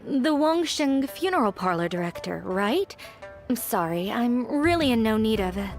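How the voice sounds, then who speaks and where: A woman's voice: on the high side, sing-song, moderate pace. A woman voicing a wary, uneasy townswoman in a video game who politely turns someone down. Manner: polite but uneasy refusals. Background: game music.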